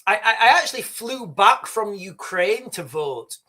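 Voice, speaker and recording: A man's voice: high-pitched, expressive, unhurried, pushed and bright. A man holds forth on his livestream in a heated, emphatic rant. He swears freely and trips over his words, restarting and repeating himself as he pushes his point. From United Kingdom. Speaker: livestream host. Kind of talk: impassioned political livestream rant.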